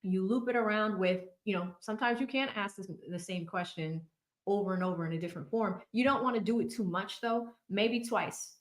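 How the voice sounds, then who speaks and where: A woman's voice: mid-range voice, fairly quick. A woman in her thirties with a Boston accent, hosting a casual, chatty commentary stream. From Boston area. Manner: chatty, conversational, full of fillers. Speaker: legal commentary host. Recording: roomy echo.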